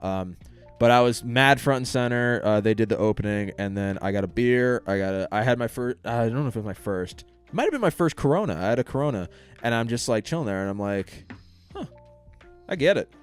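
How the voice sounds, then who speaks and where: A man's voice: mid-range voice, animated, fast talker, clear, resonant tone, soft background music. A young man co-hosting a podcast, telling a story in casual chat, swearing freely and acting out what people said. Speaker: podcast co-host.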